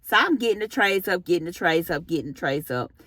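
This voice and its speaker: A woman vlogger telling a personal story in a casual, animated, expressive way, using relaxed slang. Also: on the low side, fast, no room sound. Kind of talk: storytime monologue.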